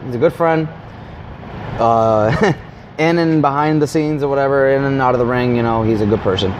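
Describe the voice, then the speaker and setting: Teasing wrestler outdoors by traffic. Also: male voice, medium pitch, moderate pace. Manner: playful, teasing, a little stuttery. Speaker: local pro wrestler, interview guest. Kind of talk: casual interview chat. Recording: dull lo-fi sound with clear street noise.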